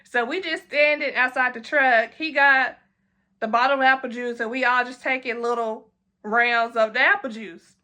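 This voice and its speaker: A young woman, animated and acting out her friends' voices as she talks. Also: fairly high pitch. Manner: animated, acts out friends' lines in quick quoted voices. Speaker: vlogger. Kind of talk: storytime vlog.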